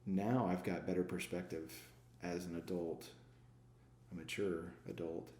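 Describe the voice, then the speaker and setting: In an echoey room, a sales manager who used to be a pastor talks reflectively during a casual interview, posing rhetorical questions and answering them himself. His low, level, darkish voice moves at a measured pace.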